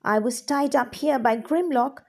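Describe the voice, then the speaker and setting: A squeaky little gnome, timid and trembling, cries out in a high voice, put on by a woman reading aloud. He talks slowly, in a storybook. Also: gravelly, darkish tone, husky, heavily acted. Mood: pleading. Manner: trembling, crying out.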